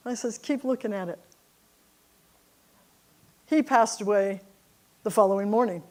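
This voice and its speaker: A woman's voice: medium pitch, a little slow, a little mellow. Middle-aged woman, church speaker, chatty storyteller who laughs easily. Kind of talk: personal storytelling to a congregation. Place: church service.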